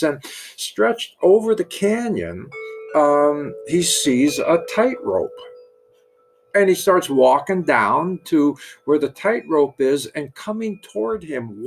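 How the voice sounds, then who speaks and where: A middle-aged priest tells a parable and draws a lesson from it, stumbling over repeated words as he goes. His voice is gravelly and sits fairly high for a man. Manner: many restarts and repeated words. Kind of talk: storytelling with a sermon-like lesson.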